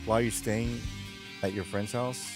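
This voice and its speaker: A man's voice: on the low side, steady tone, normal speed, over music. A man live streaming late at night, chatting to his viewers in a rambling way, often chuckling as he retells jokes. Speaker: live streamer reading chat.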